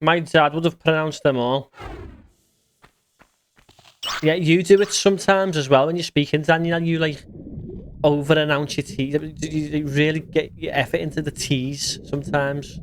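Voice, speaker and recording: A man's voice: on the high side, steady tone, normal speed, a little hiss or hum. A man with an English accent, chatting casually on a game live stream as he reads out and answers viewer messages.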